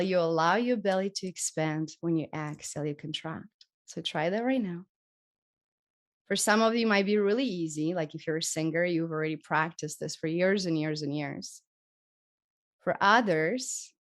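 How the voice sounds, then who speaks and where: A woman from Europe leading a live group healing session, speaking gently and encouragingly as she demonstrates breathing and voice techniques. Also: lowish voice. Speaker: spiritual healing teacher. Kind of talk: live group workshop teaching.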